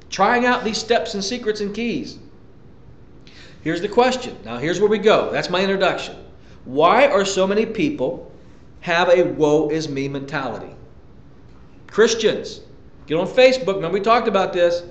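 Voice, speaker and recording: A man preaching a sermon as pastor, emphatic, repeating key lines and jumping up in pitch to drive points home. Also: animated, normal speed, long pauses. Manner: emphatic preaching, sudden pitch jumps and repetitions. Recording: echoey church room, dull lo-fi sound.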